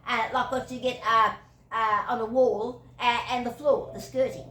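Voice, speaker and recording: A woman's voice: fairly high pitch, fairly even intonation, moderate pace, sharp tone. An older Australian woman rambling through whimsical anecdotes with chuckles and digressions. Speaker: YouTuber. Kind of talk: rambling storytelling monologue. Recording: echoey room, distant mic, faint hiss.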